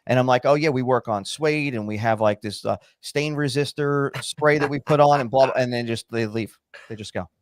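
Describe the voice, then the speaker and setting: Male guest, mid pitch, relaxed and chatty, dry close recording. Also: brisk, no room sound. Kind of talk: casual chat.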